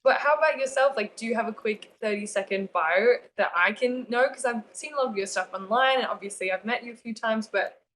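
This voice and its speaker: A woman's voice: on the high side, fairly quick, few pauses, fairly bright tone. A young woman, a singer-songwriter guest, chatting casually and giggling with lots of fillers. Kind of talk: casual chat.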